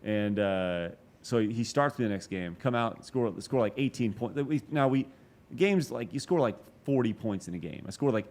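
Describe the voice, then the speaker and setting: A man in his forties, a guest on a podcast, telling a story with a slightly low voice. He talks in an animated way, swearing freely and breaking off into quick asides and restarts. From Texas. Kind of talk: casual storytelling interview.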